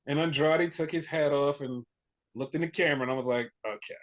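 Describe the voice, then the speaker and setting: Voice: mid-range voice, a little fast, highs cut off. A podcast host recapping in casual chat, swearing freely and acting out quotes. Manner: profane, animated retelling with voiced quotes.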